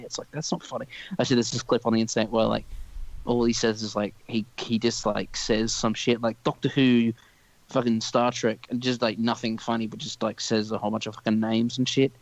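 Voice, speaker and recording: Gravelly young man ranting profanely. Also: mid-range voice, flat delivery, fairly quick, dry recording, poor audio. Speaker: podcast co-host. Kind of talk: casual podcast chat.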